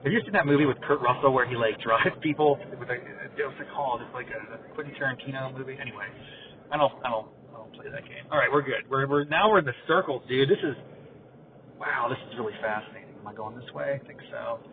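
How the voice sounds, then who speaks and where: Man, casual host chat while driving, halting and rambling, tinny phone-like sound, faint hum in the car. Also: medium pitch. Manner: rambling, halting, trails off quietly. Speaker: podcast host. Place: inside a car.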